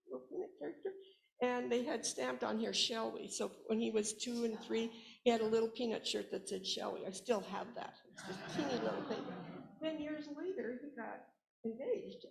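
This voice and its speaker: A woman's voice: fairly high pitch, moderate pace, creaky, a little hiss or hum. An older woman sharing family stories into a microphone at a worship service, often laughing as she tells them. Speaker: congregation member sharing stories. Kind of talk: personal storytelling at a worship service. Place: congregation's worship space.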